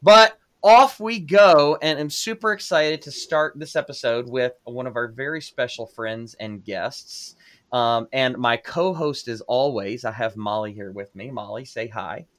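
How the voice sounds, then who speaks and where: A man's voice: mid-range voice, a little slow, a bit bright. A man hosting a podcast, casual and self-deprecating as he opens the episode and chats. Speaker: podcast host. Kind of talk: conversational interview.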